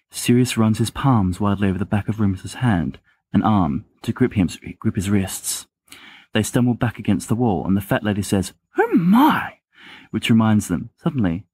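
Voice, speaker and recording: Husky low-voiced man reading aloud. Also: darkish tone, no echo. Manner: plain narration with small restarts. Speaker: podfic reader. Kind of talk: amateur audiobook reading.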